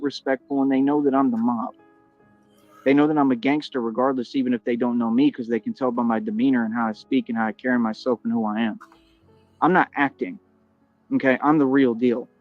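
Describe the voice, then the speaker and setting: A male livestreamer with a medium-pitched voice delivers a boastful, aggressive ranting monologue. The stream audio is muffled and lo-fi with faint music, and there's no room sound.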